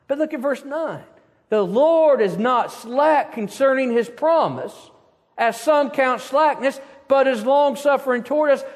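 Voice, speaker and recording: A man preaching a sermon, reading scripture aloud and stressing words slowly and emphatically. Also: high voice, in a large hall.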